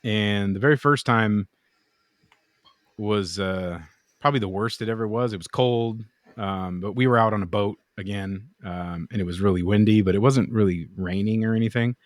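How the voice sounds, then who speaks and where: Low-voiced man telling rambling stories. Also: normal speed, no room sound, clean studio sound. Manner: rambling storyteller, swears, acts out quotes. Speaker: podcast co-host, knifemaker. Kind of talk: casual chat.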